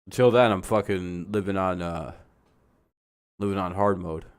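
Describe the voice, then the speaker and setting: A man's voice: low voice, steady tone, moderate pace, clear, resonant tone. A man hosting a live stream, giving laid-back, profane commentary as he calls the downs and time left. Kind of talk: casual watch-along commentary.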